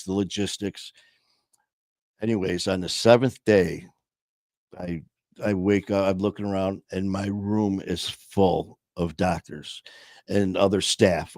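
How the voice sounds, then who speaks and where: A man's voice: low-pitched, darkish tone, dry recording, studio quality. A man casually telling a personal story, blunt and profane, with many restarts and trailing phrases. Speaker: podcast host telling his story.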